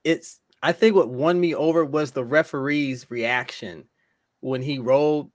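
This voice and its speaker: A man's voice: mid-range voice, measured pace, no echo, clean studio sound. A man co-hosting a casual wrestling podcast, teasing his friends and acting out what others said. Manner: teasing, acts out quotes. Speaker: podcast co-host.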